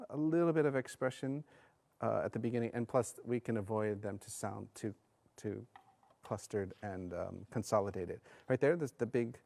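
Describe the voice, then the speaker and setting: A man coaching a bassoon section in rehearsal, singing phrases aloud between hesitant spoken notes. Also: normal speed, creaky, a little mellow.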